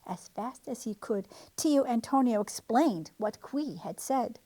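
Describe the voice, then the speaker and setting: Storytime reader, woman, expressive read-aloud, lively up and down voice. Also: a little high, measured pace, few pauses. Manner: expressive, animated. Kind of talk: reading a picture book aloud.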